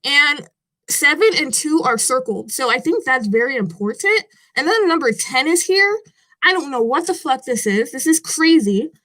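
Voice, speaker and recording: A young woman talks straight to camera in a loose, rambling vlog chat, her voice sitting high. She drops swear words freely and keeps a skeptical, offhand edge as she goes. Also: very animated, moderate pace, sharp tone. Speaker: vlogger. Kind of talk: casual chat.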